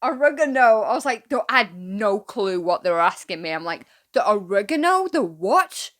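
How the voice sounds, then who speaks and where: A British woman hosting a reaction video, chatty and quick to laugh and exclaim. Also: mid-range voice, very animated, a bit bright. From Britain. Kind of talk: casual reaction commentary.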